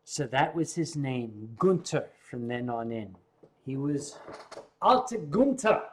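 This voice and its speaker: An older man spins a long, unhurried yarn for his viewers, drifting into asides along the way. His pace is very slow and his pitch sits in the middle. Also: a little mellow, a little hiss or hum. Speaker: vlog host. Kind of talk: casual storytelling.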